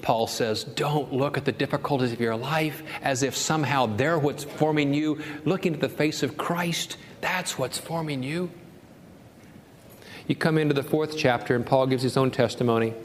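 A male pastor preaches a heartfelt sermon in a large room with long, lingering reverb, and the faint hush of the space sits behind him. His voice sits at a middle pitch but climbs high and urgent as he reads scripture aloud. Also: normal speed, slight background noise. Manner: storytelling, rising to an impassioned high pitch when quoting and preaching. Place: church sanctuary.

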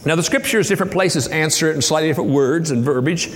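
A man's voice: on the high side, fast. A middle-aged man preaching a sermon as pastor, earnest and building to impassioned, raised passages. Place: church sanctuary. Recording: reverberant hall, faint ambience.

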